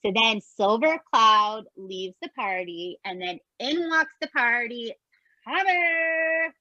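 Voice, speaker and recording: Slow-talking woman on a dull line. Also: a little high, animated, bright, forceful tone, dry recording. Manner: unhurried, laughs along, enthusiastic reactions. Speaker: podcast co-host. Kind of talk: casual chat.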